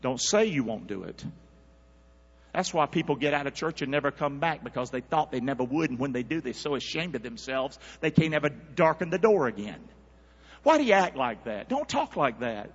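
A man preaching a sermon, calling on the congregation to answer back and swinging between loud and hushed. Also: a little high, very animated, moderate pace, slightly rough. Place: church. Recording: dull sound with long church reverb.

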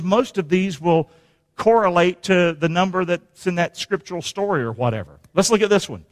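A man's voice: high-pitched, fairly bright tone. A man preaching a sermon, emphatic and repetitive, calling on the congregation to repeat after him. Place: church sanctuary. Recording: long hall reverb.

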